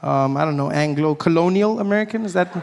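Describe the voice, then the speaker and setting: Animated stand-up comedian, live stage. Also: male voice, fairly high pitch, fast talker, vocal fry. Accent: South African. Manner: animated, acts out characters with shouting voices. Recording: stage mic with audience noise.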